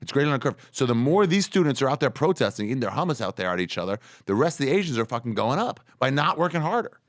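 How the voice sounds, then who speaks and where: A man, a comedian guest on a podcast, riffing in casual comedic chat with deadpan lines and sudden jumps up in pitch. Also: quick pace, dry recording, studio quality.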